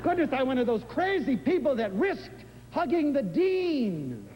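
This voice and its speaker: An older man giving an inspirational lecture, telling stories in an animated, expressive way. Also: a little slow, muffled recording. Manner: expressive, animated storytelling with big swings in pitch. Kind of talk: inspirational lecture to a live audience. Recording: live lecture in a hall with faint room noise.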